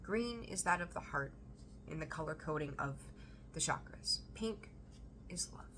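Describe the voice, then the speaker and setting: A woman reading tarot for her viewers, emphatic and animated, repeating phrases for emphasis and swearing now and then. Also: low-pitched, a little slow, a little hiss or hum. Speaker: tarot reader. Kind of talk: intuitive tarot reading to camera.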